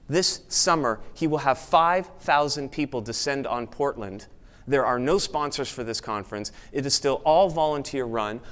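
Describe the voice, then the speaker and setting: A man speaks to an audience in an event room, delivering an energetic motivational talk. His voice sits in a middle pitch. Now and then he mimics excited chatter in a raised voice.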